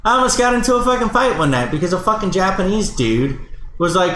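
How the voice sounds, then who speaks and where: A man's voice: high voice, lively intonation, quick pace, a bit bright. A man co-hosting a podcast, telling long rambling stories full of swearing. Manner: profane, rambling anecdotes. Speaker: podcast co-host. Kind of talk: casual chat, storytelling. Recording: echoey room with faint hiss.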